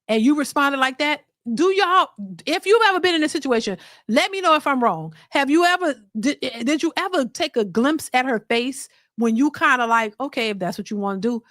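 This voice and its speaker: A woman hosting a livestream, thanking viewers for super chats and giving blunt, animated opinions. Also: high-pitched, dry recording, studio quality. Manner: blunt and animated, slipping into mocking voices. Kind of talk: casual opinion commentary.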